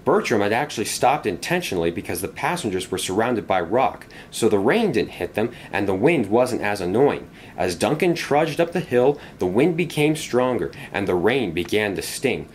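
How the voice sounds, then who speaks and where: A man narrating a children's storybook tale in an expressive, animated way. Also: lowish voice, normal speed, hardly any pauses, a little hiss or hum.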